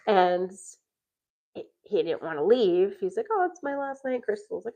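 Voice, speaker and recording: A middle-aged woman with a medium-pitched voice tells a story in a loose, chatty way. She laughs often and slips into other people's voices when she quotes them. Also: normal speed, dull audio. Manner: animated, laughs often, acts out quoted lines. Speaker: podcast host telling a dating story. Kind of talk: casual storytelling chat.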